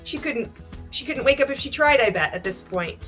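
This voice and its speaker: A woman's voice: high voice, expressive, brisk, a bit bright, soft background music. Blunt, indignant woman reacting. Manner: blunt, indignant, swears freely. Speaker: commentary host. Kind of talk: reaction commentary livestream.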